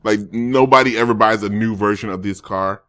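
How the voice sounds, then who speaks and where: A man's voice: lowish voice, steady tone, fairly quick, fairly bright tone. A man streaming casually, reading viewer comments and rambling through jokes and self-corrections.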